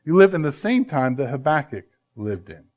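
Male pastor, slightly high voice, sermon delivery, dynamic, drops to near-quiet for emphasis. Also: big pitch swings. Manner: emphatic, swings from loud to hushed and slows for stress.

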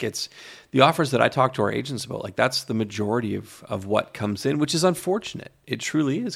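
A man with a gravelly, husky voice co-hosts a podcast. He chats casually and often chimes in with short agreement. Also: medium pitch. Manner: agreeable, frequent affirmations. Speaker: podcast co-host. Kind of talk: casual chat.

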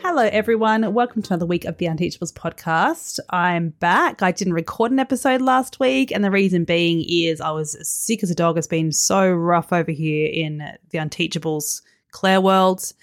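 A woman hosting a podcast in a casual monologue, a bit hoarse as she recovers from illness, chatty and earnest. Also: fairly low pitch, no room sound, clean studio sound, faint music behind. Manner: chatty, earnest, quick asides. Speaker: podcast host.

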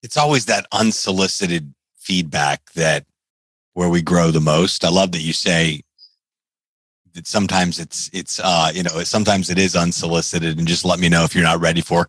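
A man hosting a podcast, chatting and telling stories in a lively way with many fillers. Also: deep voice, dry recording. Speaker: podcast host. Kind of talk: casual interview chat.

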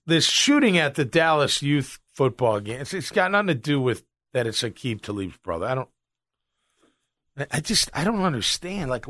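High-pitched ranting sports talk man. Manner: animated, exasperated ranting. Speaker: sports radio host.

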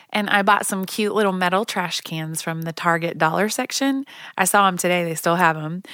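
A woman's voice: lowish voice, fairly bright tone, no echo, studio quality. A woman from Oklahoma telling a chatty, self-deprecating story in a casual monologue, laughing now and then as she talks.

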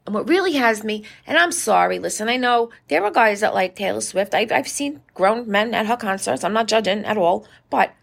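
A woman's voice: mid-range voice, expressive, moderate pace, vocal fry, hardly any pauses, fairly bright tone. A middle-aged woman hosting her podcast, ranting casually with profanity and sarcasm. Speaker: podcast host.

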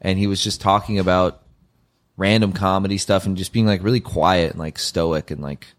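A low-voiced young man rambles through a story on a comedy podcast. He talks casually, leans on fillers, and swears often. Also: fairly even intonation, moderate pace. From Florida. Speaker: podcast co-host. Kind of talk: casual chat.

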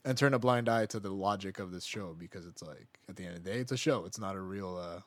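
A man co-hosting a podcast in casual chat, rambling through his point, swearing freely, and trailing off into low mutters. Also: fast, no echo. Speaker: podcast co-host.

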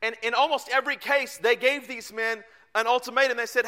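A male pastor delivers a sermon with a high, bright, cutting voice. He tells the story in an animated way and bursts into shouts at the big moments. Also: a little fast, few pauses.

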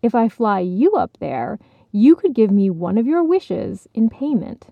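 A woman voicing a patient, gentle male crane in a storybook, persuasive in manner. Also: medium pitch, big pitch swings, unhurried, creaky, dry recording, narrow, tinny audio, heavily acted.

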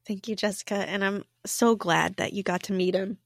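A woman's voice: medium pitch, steady tone, moderate pace, gravelly, no echo. A woman speaks as a guest in a podcast interview, reflective and heartfelt. Her voice is recorded close and dry, with no room sound.

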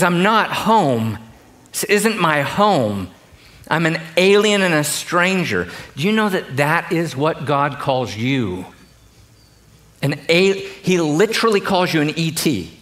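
Middle-aged pastor, slightly high voice, chatty sermon delivery with asides to the congregation, in church. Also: male voice, fairly bright tone. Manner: conversational preaching with jokes to the congregation.

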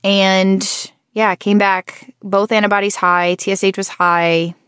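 A woman in her thirties talks with a groggy morning voice in a relaxed, rambling way. She often restarts and corrects herself mid-sentence. Her voice is mid-pitched, and the recording is dry and close. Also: a little slow, clear, resonant tone, no echo. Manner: chatty, rambling with frequent restarts and self-corrections. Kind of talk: casual conversational chat.

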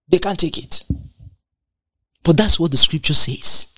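A woman's voice: on the low side, unhurried, bright, forceful tone, no room sound. A woman preaching a sermon, emphatic and repetitive, asking rhetorical questions and laughing between points.

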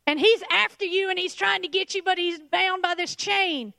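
A woman preaching a lively sermon, laughing and acting out little scenes as she talks. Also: very high-pitched, moderate pace, gravelly, dry recording.

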